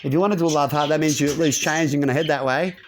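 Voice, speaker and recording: A man's voice: a little high, steady tone, racing, a little hiss or hum. Rambling man ranting. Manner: rambling, rhetorical, keeps tagging "right?". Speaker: channel host. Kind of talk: ranting monologue to camera.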